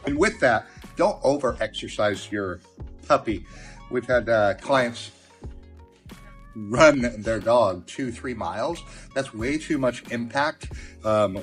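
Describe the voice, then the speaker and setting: Calm, plain-spoken male dog trainer. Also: medium pitch. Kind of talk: instructional talk to camera.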